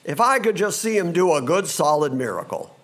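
A man preaching a sermon as a pastor, animated and expressive, sometimes acting out confused voices from the passage. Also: fairly high pitch, fairly quick.

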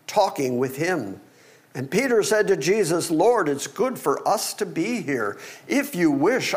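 A middle-aged man preaching a sermon and reading Bible passages aloud, animated and acting out the people in the story. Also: a little high. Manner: animated, acts out the disciples. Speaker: pastor.

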